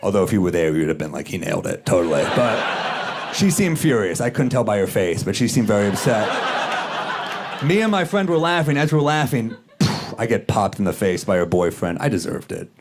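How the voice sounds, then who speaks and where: A man doing stand-up comedy on stage, telling a story with a wry, self-deprecating delivery and quick jumps into acted-out voices. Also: on the low side, big pitch swings. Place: comedy stage before a live audience. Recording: clear audience noise. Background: audience laughter.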